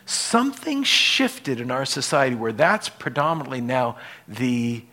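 Guy preaching a sermon, chatty and animated, mid-pitch voice. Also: unhurried. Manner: animated, acts out biblical dialogue in casual voices. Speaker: pastor.

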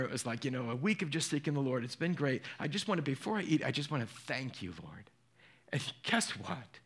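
A man pastor preaching a sermon, telling a personal story in an earnest, emotional way and dropping to hushed tones. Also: on the high side. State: choked up.

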